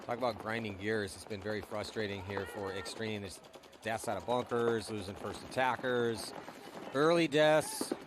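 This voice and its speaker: A man's voice: fairly low pitch, steady tone, normal speed, background noise. Chatty male color commentator. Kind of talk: live sports commentary.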